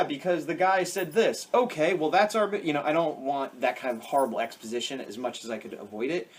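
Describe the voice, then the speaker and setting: Rambling man chatting over his drawing. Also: mid-range voice. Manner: rambling, many fillers and restarts. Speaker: comic artist vlogger. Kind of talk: casual chat over drawing.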